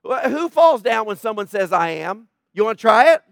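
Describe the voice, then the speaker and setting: Guy pastor preaching, pretty high voice, keeps asking the crowd stuff, dry close mic. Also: big pitch swings, moderate pace, gravelly, a bit bright, dry recording. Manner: emphatic, asks the congregation rhetorical questions. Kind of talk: sermon.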